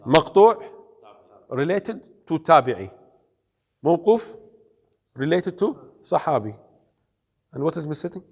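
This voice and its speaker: A man's voice: fairly high pitch, very animated, vocal fry, slightly rough, long reverb tail. A man teaching an Islamic studies class, explaining carefully, quizzing his students and mixing in Arabic terms. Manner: explains slowly, asks the class questions, mixes in Arabic words. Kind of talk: classroom lecture.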